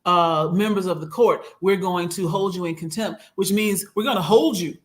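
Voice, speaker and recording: A man co-hosting a casual political chat show, animated and jokey, with gasps thrown in for effect. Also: high voice, moderate pace. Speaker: podcast co-host.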